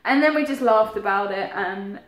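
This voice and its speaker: A woman's voice: mid-range voice, moderate pace. A young woman vlogging, telling a story in a chatty, giggly, rambling way with lots of fillers. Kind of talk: casual storytelling to camera. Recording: roomy echo.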